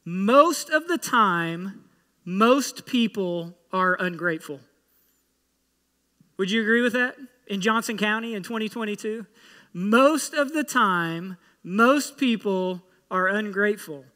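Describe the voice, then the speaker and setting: A man's voice: high voice, expressive, slow pace, pushed and bright, long reverb tail. A man preaching an emphatic sermon as pastor, pressing his point with rhetorical questions. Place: church sanctuary.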